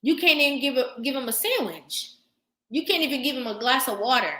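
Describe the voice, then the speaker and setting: A young woman with a bright, slightly high voice hosts a live stream, lecturing viewers with fervent, brisk, expressive emphasis and pausing now and then to thank them for comments. Her impassioned talk carries a roomy echo.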